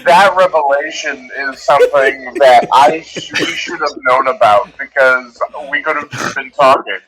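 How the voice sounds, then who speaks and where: A man's voice: mid-range voice, unhurried, a bit bright, low-quality recording. A man co-hosting a movie podcast, chatting casually and joking in a rambling way over a voice call. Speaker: podcast co-host. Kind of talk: casual chat. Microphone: home mic on a voice call.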